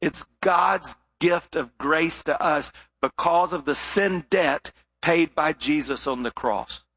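A male pastor preaching with a high, bright, ringing voice. He tells the story with lively expression and now and then sinks into hushed, weighty emphasis. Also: slow pace, husky. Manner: expressive storytelling delivery with sudden drops to quiet emphasis. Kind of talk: sermon.

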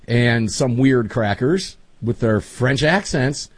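Folksy rambling man, lively husky voice. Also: medium pitch, slow, no echo. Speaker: talk show host. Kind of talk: casual chat.

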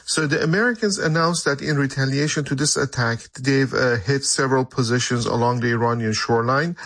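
A male correspondent in a news interview, explaining events in a measured way with some fillers and restarts. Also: medium pitch, fairly bright tone, dry recording.

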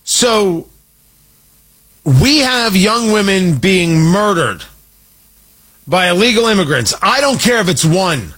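A man delivers heated political commentary, indignant and emphatic, with sarcastic asides. His voice sits high for a man. It also carries a husky, rough edge. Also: big pitch swings, slow pace, pauses often, fairly bright tone, rough recording. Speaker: talk show host.

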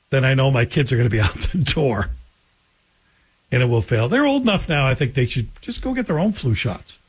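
A man's voice: a little high, husky. A middle-aged man hosting a talk radio show, telling wry, joking stories in a casual, conversational way. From Scotland.

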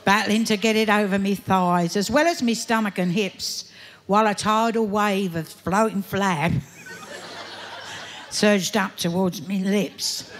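A woman's voice: medium pitch, fairly even intonation, slow pace, noisy background. An Australian woman recites a comic rhyming poem, with broad, self-mocking delivery and a sing-song rhythm. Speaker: bush poet.

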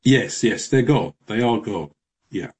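A man answering callers as a radio guest, chatty, with lots of restarts and quick laughs. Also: lowish voice, lively intonation, breathy edge. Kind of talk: radio interview.

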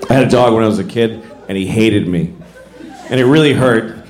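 A middle-aged man doing stand-up comedy, animated, often breaking into loud character voices. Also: fairly low pitch, brisk. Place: comedy club stage. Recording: echoey venue with noisy ambience.

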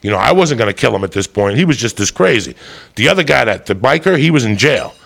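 Man, very gravelly voice, mid-pitched, profane, rambling comic storyteller. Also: very animated, fast, a bit bright. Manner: profane, rambling, laughs while telling.

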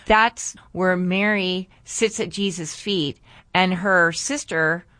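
A woman's voice: lowish voice, slow pace, fairly bright tone, no room sound. Earnest woman hosting faith radio. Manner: preachy, earnest, drawing lessons from scripture. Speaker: radio show host. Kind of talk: faith-based radio talk.

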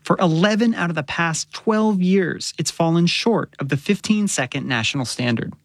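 Measured woman reporter narrating. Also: on the low side, lively intonation, no echo, studio quality. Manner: measured, clear storytelling. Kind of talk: scripted radio narration.

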